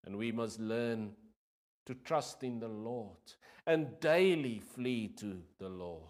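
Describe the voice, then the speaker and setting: Male preacher, mid-pitched, slow and deliberate, earnest sermon delivery. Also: a little mellow. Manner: earnest, swelling then dropping on key phrases.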